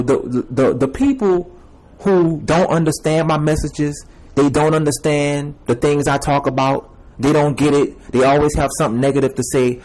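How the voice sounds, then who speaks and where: A man's voice: a little high, darkish tone, rough recording. A young man giving a repetitive, emphatic personal testimony, addressing viewers as y'all and man. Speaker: self-made video preacher.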